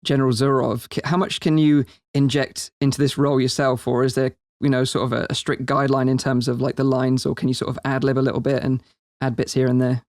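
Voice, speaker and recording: Male podcast host, mid pitch, dry close mic, upbeat and casual. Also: level tone, fast, darkish tone, no room sound. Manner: enthusiastic, loose questions. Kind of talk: casual interview chat.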